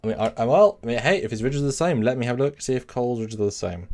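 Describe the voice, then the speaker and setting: A man's voice: mid-range voice, expressive, fast, a little mellow, slight background noise. A man hosting a casual live stream, rambling, correcting himself and answering chat messages. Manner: rambling, self-correcting, reads chat aloud.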